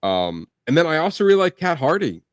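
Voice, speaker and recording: Fast-talking and sing-song, a young man with a fairly high voice co-hosts a film review podcast. His casual chat wanders, packed with fillers, "like" and restarts. It's a dry, clean studio recording.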